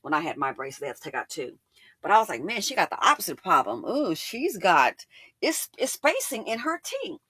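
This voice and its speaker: A woman's voice: on the low side, very animated, brisk, a bit bright, husky, no echo. A woman host telling a storytime in casual, emphatic commentary, often repeating lines for effect.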